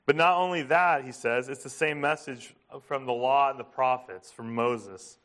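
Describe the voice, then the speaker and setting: A man preaching a sermon, emphatic, asking his listeners questions and slowing down to stress a point. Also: medium pitch, fairly bright tone. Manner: emphatic, asks the congregation questions. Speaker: pastor.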